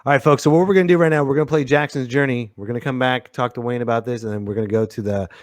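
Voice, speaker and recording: A man's voice: medium pitch, fairly even intonation, very fast, no echo. A man hosts a casual podcast interview, keeping it loose and laughing along with his guest. His voice sits in a middle range, recorded dry and close with little room sound. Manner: laid-back, laughs along, short backchannel replies. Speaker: podcast host.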